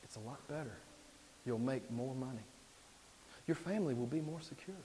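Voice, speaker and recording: A man's voice: mid-range voice, normal speed, dark tone, a little hiss or hum, lightly acted. A man voicing the devil as a sly male tempter, coaxing with repeated urging in a sermon. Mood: hushed coaxing. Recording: long reverb in a large hall.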